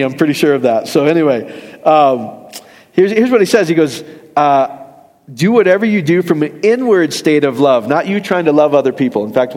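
A man preaching a sermon in a lively, conversational way, acting out quoted voices as he talks to his congregation during a church service. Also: fairly high pitch, in a large hall. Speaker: pastor.

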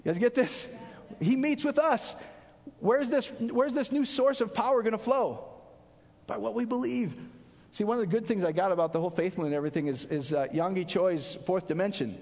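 A man with a high voice preaches a casual sermon. His delivery is animated and conversational, full of asides and jokes. The sound rings with a long hall reverb. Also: fairly quick. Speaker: pastor. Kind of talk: casual sermon to a small group.

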